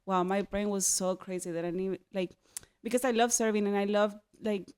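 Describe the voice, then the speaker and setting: A woman guest on a casual faith podcast chat, speaking haltingly with lots of filler words. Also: mid-range voice, level tone, a little mellow, clear, resonant tone.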